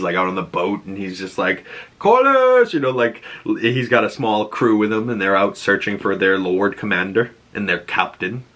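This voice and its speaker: A man casually breaking down a TV episode, excitable and swearing freely. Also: lowish voice. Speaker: YouTube show recapper.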